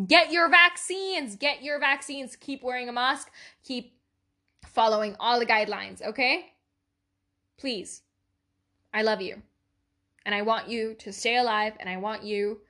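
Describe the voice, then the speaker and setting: Young female podcast host, bright and fairly high voice, earnest and rambling, leans on repetition. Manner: earnest, rambling, repeats herself emphatically. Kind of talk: solo podcast outro, casual chat.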